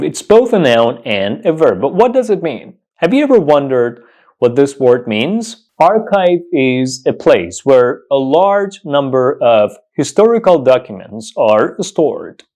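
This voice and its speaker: A man teaching English pronunciation in an online lesson, slow and emphatic, repeating each word several times. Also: medium pitch, a little mellow.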